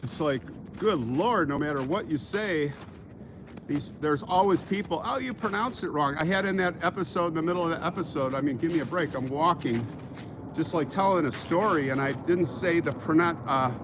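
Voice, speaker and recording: A man with a slightly high voice hosts a livestream on a walk outdoors, talking into a handheld phone. He rambles through a mock rant and keeps stopping to thank donors. Faint traffic hums in the background. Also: moderate pace. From Kansas. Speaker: livestream host. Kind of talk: casual livestream chat while walking. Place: outdoors walking through a cemetery.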